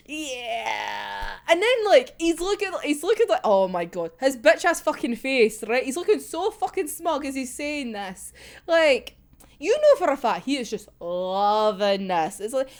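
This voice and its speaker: A woman's voice: high-pitched, very animated, unhurried, vocal fry. A young woman chatting casually about a manga chapter, swearing a lot and laughing often. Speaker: manga reaction vlogger. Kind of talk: casual chat.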